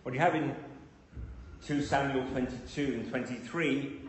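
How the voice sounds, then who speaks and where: A man's voice: mid-range voice, fairly even intonation, measured pace, slight background noise. A man preaching a sermon to a congregation, building to emphatic, repeated phrases. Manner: builds to emphatic, rising repetition. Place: church. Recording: echoey reverberant church hall.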